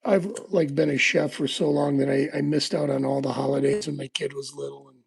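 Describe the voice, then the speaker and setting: Picking a lock on a laid-back stream, this man chats with viewers in a gravelly, very husky voice of medium pitch. His delivery is flat and a little fast as he rambles through stories thick with ums and likes.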